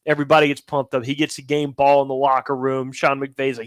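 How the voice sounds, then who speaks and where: A man's voice: medium pitch, little pitch movement, brisk, a bit bright, dry recording, studio quality. A man co-hosting a casual sports chat show, recapping games in conversational detail with wry asides. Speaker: co-host.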